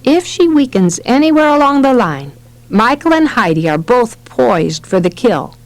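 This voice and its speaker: Expressive woman narrating a parenting audiobook. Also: on the high side, moderate pace, no echo, poor audio. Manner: expressive storytelling reading. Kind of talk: scripted narration.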